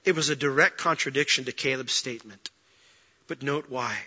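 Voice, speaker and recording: A male preacher giving a sermon, reading scripture aloud with strong emphasis and an expressive delivery. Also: mid-range voice, moderate pace, slightly rough, dull audio.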